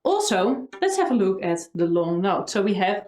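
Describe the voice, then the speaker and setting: A woman's voice: mid-range voice, very animated. Upbeat woman violin teacher, echoey room. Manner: chants practice rhythms slowly; playful, encouraging, teasing. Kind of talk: online music lesson. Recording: roomy echo, violin music behind.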